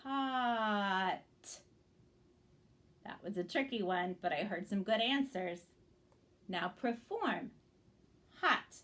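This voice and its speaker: A woman's voice: on the low side, expressive, measured pace. A woman teaching young children to blend word sounds in a reading lesson, speaking patiently and encouragingly and checking in often.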